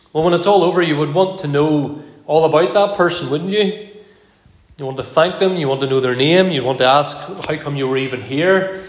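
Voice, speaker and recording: A man preaching an evening sermon in a measured, earnest way, slowing down to read verses aloud, with an occasional cough. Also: fairly high pitch, reverberant. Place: church.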